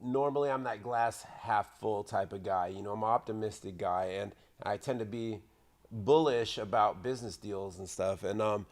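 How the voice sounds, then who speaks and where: A man in a casual podcast chat, talking in a relaxed, upbeat way and pausing on fillers. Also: on the low side. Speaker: podcast guest.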